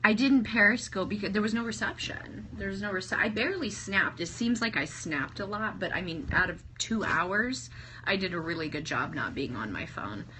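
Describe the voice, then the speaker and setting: A woman in her thirties gushes excitedly in a casual livestream, greeting viewers by name, her throat sore from singing. Her mid-range voice moves at a moderate pace, picked up by a phone held at arm's length with faint ambient noise.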